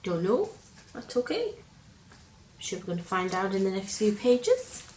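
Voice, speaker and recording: A woman reads a picture book to a young child, unhurried and gentle, pausing to ask him what he thinks. Her voice rises and falls in a lively, animated way. The recording is roomy with a faint hum behind it. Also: medium pitch. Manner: slow, gentle, questioning the child. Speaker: storyteller reading to a child. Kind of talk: picture-book read-aloud.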